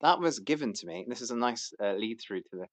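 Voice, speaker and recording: A man's voice: mid-range voice, lively intonation, quick pace, no echo. A man, chatting hesitantly as a podcast guest, with many fillers and restarts. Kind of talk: casual chat.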